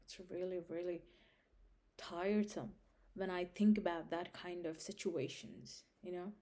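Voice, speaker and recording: A woman's voice: on the low side, steady tone, takes it slowly, pauses often, warm tone. A young woman vlogging casual life advice straight to her viewers, emphatic and repetitive, often checking in with a question. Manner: emphatic, repeats points, checks in with "Understand?". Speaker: vlog host giving life advice. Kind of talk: casual direct-to-camera advice.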